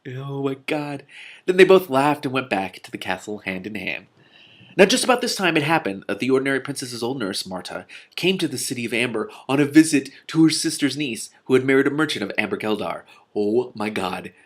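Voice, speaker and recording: A man reads a children's novel aloud at a middle pitch, with an animated, expressive delivery. He breaks in with excited exclamations of his own. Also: quick pace. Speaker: reader and commentator. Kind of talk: reading a novel aloud with reactions.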